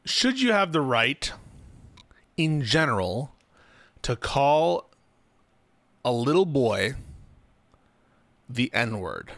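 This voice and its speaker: A man's voice: medium pitch, very animated, very slow, pauses often, fairly bright tone, no room sound. A man hosting a stream, reacting casually and thinking aloud about a legal question. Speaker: streamer host.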